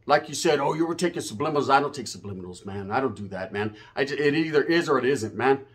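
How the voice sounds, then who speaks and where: A man's voice: medium pitch, animated, fast. A male YouTuber delivering a profane, confrontational rant to camera in a swaggering way. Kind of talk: ranting monologue to camera.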